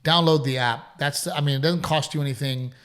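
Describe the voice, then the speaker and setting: A man in his forties hosting a podcast, chatting casually and telling stories in a relaxed, rambling way with laughs. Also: a little high, fairly quick. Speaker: podcast host. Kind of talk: casual chat.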